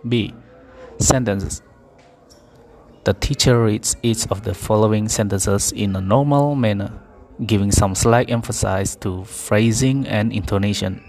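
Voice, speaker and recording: Slow, careful man reading drill words. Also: fairly low pitch, gravelly, a little mellow, soft background music. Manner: careful, deliberate word-by-word reading. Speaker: pronunciation practice reader. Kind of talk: slow read-aloud pronunciation drill.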